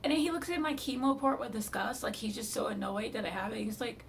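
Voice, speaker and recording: A woman with a gravelly, fry-edged voice tells a storytime vlog, exasperated and blunt, now and then swearing. She sits a little off the mic, and a faint hum of background noise runs under her voice. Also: fairly high pitch, animated, quick pace, distant mic. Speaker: vlogger telling her surgery story.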